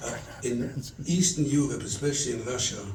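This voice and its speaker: Distant rabbi preaching in echoey hall. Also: male voice, medium pitch, normal speed, a little mellow, a little hiss or hum. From England. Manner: storytelling, quotes scripture and acts out dialogue. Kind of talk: sermon at a charity event. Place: event hall. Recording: echoey room, distant mic.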